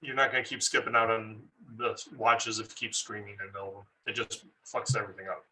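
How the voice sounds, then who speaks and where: A man's voice: lowish voice, fairly even intonation, fast talker, sharp tone, a little hiss or hum, rough recording. A man playing in a tabletop game, blunt and direct in casual talk. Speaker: player.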